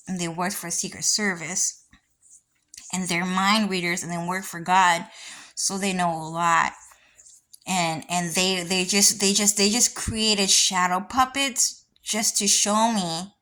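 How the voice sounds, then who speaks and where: A woman's voice: lowish voice, bright, forceful tone. Rambling woman vlogger, swearing. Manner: rambling, repetitive restarts, frequent swearing. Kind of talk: casual rambling monologue.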